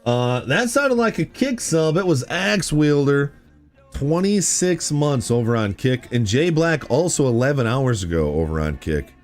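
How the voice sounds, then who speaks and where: Male streamer, mid pitch, very animated delivery, rambling casual storyteller. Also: unhurried, faint music behind. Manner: animated, rambling storyteller who blurts out reactions. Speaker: gaming streamer. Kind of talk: casual live-stream chat to viewers.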